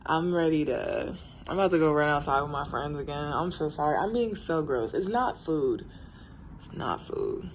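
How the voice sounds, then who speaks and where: A woman's voice: deep voice, normal speed, slight background noise. A young woman chatting casually at home in a vlog, rambling and venting in loose slang. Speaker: vlogger.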